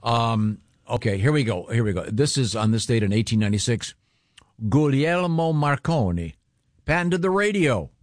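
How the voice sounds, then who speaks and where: A man's voice: mid-range voice, lively intonation, moderate pace, no echo, studio quality. A man hosting a radio show, chatting casually and hesitating with fillers as he reads history notes. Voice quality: hesitant, filler-heavy delivery. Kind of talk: casual on-air banter.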